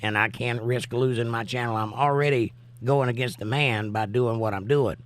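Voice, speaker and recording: A man hosts a casual livestream, reading viewers' comments aloud in an easy, chatty way. His voice sits at an ordinary middle pitch. He is still getting his voice back after days of coughing. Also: normal speed. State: recovering voice, coughing. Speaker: livestream host. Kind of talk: casual live-chat commentary.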